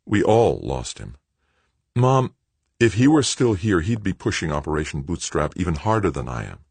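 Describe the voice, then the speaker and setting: A man's voice: sits low, big pitch swings, normal speed, gravelly, darkish tone, husky, no room sound, pitched above the performer's own voice, heavily acted. A male narrator voicing a determined young adult son who talks lightly but insistently. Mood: persuasive.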